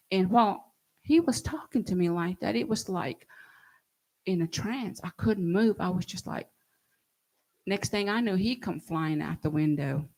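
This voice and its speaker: Low, gravelly woman recounting quietly. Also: expressive, poor audio. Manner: halting, hushed and earnest. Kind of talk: recounting a personal story.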